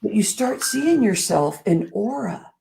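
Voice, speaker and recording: A woman giving an earnest, expressive motivational talk as a coach, moving between soft, slow passages and lively emphatic ones. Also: mid-range voice, gravelly, a little hiss or hum. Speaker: speaker and coach.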